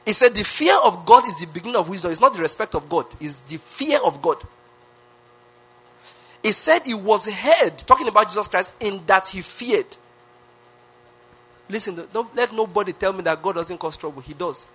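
A man's voice: high voice, animated, normal speed, sharp tone, slightly rough. A man preaching a sermon, emphatic, with lots of repetition and rhetorical questions. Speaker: pastor.

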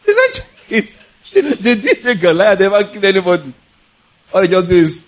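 A Nigerian-accented man preaches with lively storytelling, breaking into laughter and slipping into pidgin for the voices he acts out. His voice sits a little high for a man. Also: brisk. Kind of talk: sermon with storytelling.

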